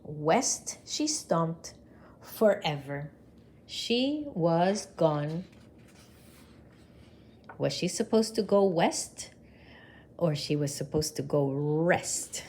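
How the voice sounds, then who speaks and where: A woman reading a picture book aloud to children in an expressive way, pausing to ask her listeners questions. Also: deep voice, slight background noise. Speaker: storybook reader.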